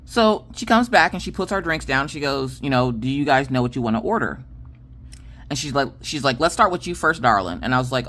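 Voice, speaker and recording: A woman in her late thirties casually telling a story, animated and punctuated with "okay?" asides, on a close mic. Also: very deep voice, fairly quick, slight background noise. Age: 30s. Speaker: crafting channel host.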